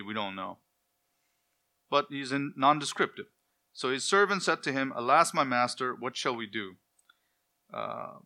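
A man delivers an expository sermon in a bright, forceful tone at a medium pitch. He explains Hebrew words and lifts his voice when he quotes scripture. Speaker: preacher.

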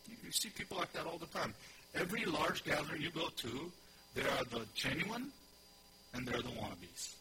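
This pastor's voice sits on the high side, with some noise in the background. Teaching an expository sermon, he goes verse by verse through scripture, repeats important phrases, and questions his congregation.

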